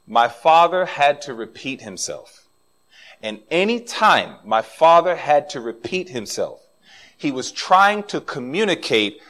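A middle-aged male pastor preaching with a lively voice that swings up and down. His voice sits a little high for a man. He acts out the voices of the people he quotes as he talks to the congregation. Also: a little slow. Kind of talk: sermon.

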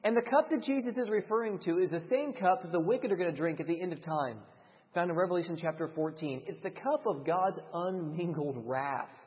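A man's voice: high-pitched, a little fast. Impassioned man preaching in a reverberant hall. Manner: dramatic, swings between loud emphasis and hushed delivery. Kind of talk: sermon. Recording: dull, reverberant hall sound.

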